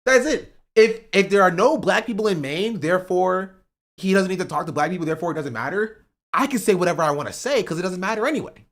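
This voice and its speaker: Animated ranting male streamer. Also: sits high, quick pace. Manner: animated, swings from loud outbursts to muttering; swears, says "bro", repeats himself. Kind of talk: heated political rant on a livestream.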